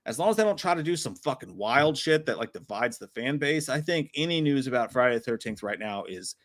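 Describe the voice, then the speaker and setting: A man's voice: medium pitch, very animated, fairly quick. A man co-hosting a live movie stream in a casual, profane, laughing chat style. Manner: profane, laid-back, laughs often. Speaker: podcast co-host.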